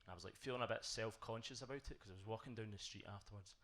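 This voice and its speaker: Bright self-deprecating young comedian. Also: male voice, lowish voice, very fast. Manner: self-deprecating, punchy one-liners. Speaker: stand-up comedian. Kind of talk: stand-up set. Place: comedy club stage with audience.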